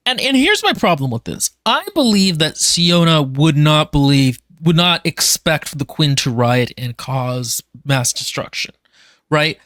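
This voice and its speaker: A podcaster with a smooth, clear voice at an ordinary pitch recaps a book plot in a chatty way, playing the characters' lines and swearing casually. The voice sounds dry and close to the mic. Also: expressive, unhurried, a bit bright, no echo.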